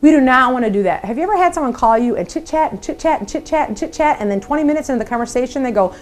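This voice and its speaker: A middle-aged woman training new sales consultants, upbeat and encouraging, acting out sample phone calls in lively voices. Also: high voice, racing. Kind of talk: training talk to camera.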